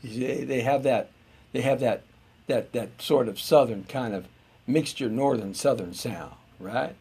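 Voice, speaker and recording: A man's voice: medium pitch, measured pace, darkish tone, breathy edge. A middle-aged man hosting a live show, rambling and joking as he muses aloud to viewers. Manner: rambling and jokey, musing aloud.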